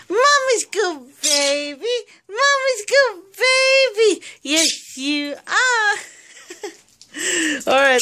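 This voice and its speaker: High cooing woman talking to her birds. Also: a bit bright, slight background noise. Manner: cooing sing-song, repeats phrases, laughs often. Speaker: pet parrot owner filming her birds. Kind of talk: baby talk to pets.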